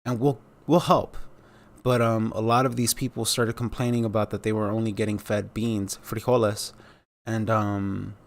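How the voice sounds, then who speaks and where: Gravelly man rambling over news clips. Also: on the low side, level tone, normal speed. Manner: rambling, filler-heavy, sarcastic asides. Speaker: news commentary vlogger. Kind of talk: casual commentary on news clips.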